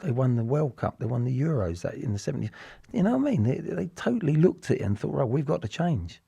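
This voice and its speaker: A man's voice: mid-range voice, sing-song, fast, vocal fry, dark tone, slightly rough, no echo. An English man in his sixties, a former footballer talking in a rambling, reflective way with many restarts as an interview guest. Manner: rambling, with frequent restarts and repeated words. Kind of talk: casual reflective interview talk.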